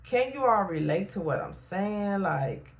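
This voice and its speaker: A woman's voice: medium pitch, sing-song, unhurried. A middle-aged woman, a therapist and life coach, talking frankly in a casual motivational vlog and repeating points for emphasis.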